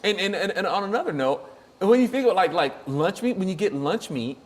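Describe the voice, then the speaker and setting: A man's voice: sits high, expressive, a little fast. A man hosting a show, chatting casually and jokily, rambling and laughing often. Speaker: show host. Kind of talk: casual comedic chat.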